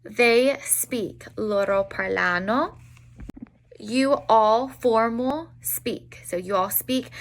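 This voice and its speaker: A young woman teaching an online language lesson, spelling out examples slowly with frequent fillers. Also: medium pitch, fairly bright tone. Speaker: Italian teacher.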